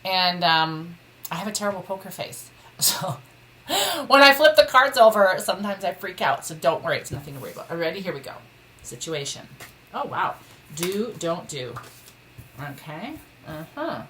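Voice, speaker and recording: Chatty lady doing a tarot reading at home, bright crisp voice, kinda low, gets loud and surprised at the cards. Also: moderate pace. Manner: expressive, exclaims at cards, chatty and blunt. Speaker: tarot reader. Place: home room during a move.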